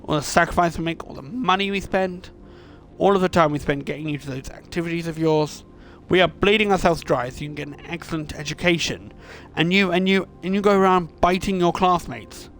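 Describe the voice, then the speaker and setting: A man voicing a furious, snobbish middle-aged mother scolding her child in a shrill, indignant tone. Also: moderate pace, natural voice.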